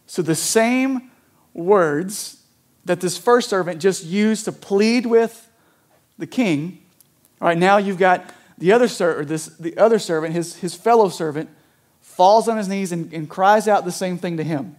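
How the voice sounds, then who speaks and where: Male pastor, high-pitched voice, casual, conversational sermon delivery. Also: a little slow. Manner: conversational, frequent "right?" asides.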